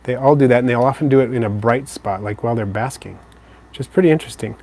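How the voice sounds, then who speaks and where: A man hosting a live stream, casually answering viewer comments in a relaxed, rambling way. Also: medium pitch, fast talker, no echo. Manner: relaxed, rambling, with fillers and self-corrections.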